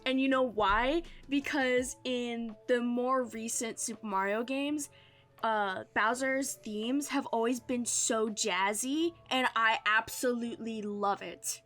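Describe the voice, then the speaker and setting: A woman's voice: a little high, fairly even intonation, takes it slowly, fairly bright tone, faint music behind. A young woman co-hosting a podcast, chatting in a bubbly, emphatic, playful way. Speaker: podcast co-host. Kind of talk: casual podcast chat.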